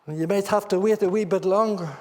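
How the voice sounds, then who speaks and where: A man's voice: high-pitched, brisk. A man with a Northern Irish accent preaching a sermon in a church meeting hall, earnestly putting questions to his listeners.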